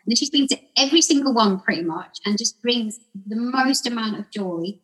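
A woman's husky voice carries this casual podcast chat. She rambles through her stories and acts out what other people said along the way. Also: on the high side, lively intonation, brisk, rough recording. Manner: rambling, warm storyteller acting out quotes with laughs. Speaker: podcast guest.

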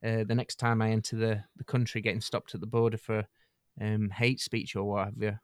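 A man's voice: lowish voice, flat delivery, brisk, smooth, no echo, studio quality. A man rambling and hesitating through a casual comedy podcast chat. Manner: rambling, hesitant, tangent-prone. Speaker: podcast co-host.

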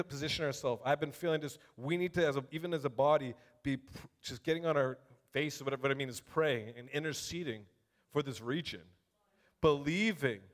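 A male preacher with a high voice who preaches in a loose, chatty way, calling out to the congregation. He breaks off to read scripture aloud, building up emphasis as he reads. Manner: animated, conversational, addresses congregation directly. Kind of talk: sermon.

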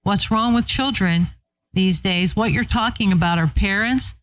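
A man co-hosting a talk show, speaking in a measured, moralizing way. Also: high voice, a bit bright, low-quality recording. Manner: moralizing, measured, with back-channel murmurs.

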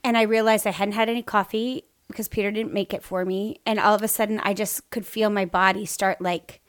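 A woman's voice: medium pitch, steady tone, a little fast. A middle-aged woman co-hosting a podcast, telling an emotional personal story with many restarts. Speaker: podcast co-host. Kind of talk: casual chat, personal story.

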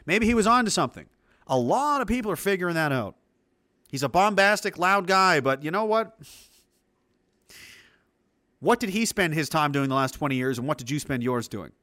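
Male commentator, furious profane rant, bright and punchy tone. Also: a little high, lively intonation, moderate pace, pauses often, no echo, clean studio sound. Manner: heated, profane, emphatic. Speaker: political commentator. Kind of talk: ranting monologue.

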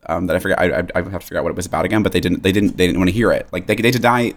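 A man's voice: sits low, fairly even intonation, rapid-fire. A man co-hosting a casual podcast, heated and swearing, tripping over his own restarts. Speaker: podcast co-host.

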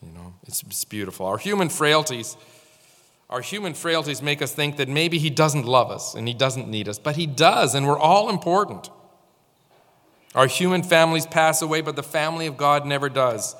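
Telling stories and speaking directly to his congregation, this pastor gives an informal sermon in a church with long hall reverb. His fairly bright voice sits on the high side, expressive and at a moderate pace.

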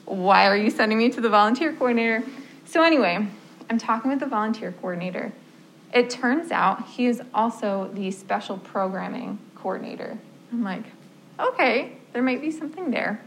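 A woman's voice: on the high side, expressive, moderate pace, slight background noise, rough recording. A woman music therapist giving an informal talk to colleagues, telling stories with lots of quoted dialogue and filler words. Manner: storytelling with quoted dialogue, frequent um and like.

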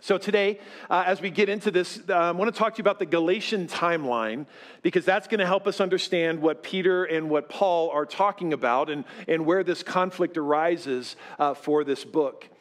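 A man's voice: on the high side, moderate pace. A man of fifty preaching a sermon as pastor to his church, talking in a loose, self-deprecating way with many fillers. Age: 50s. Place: church sanctuary with live congregation.

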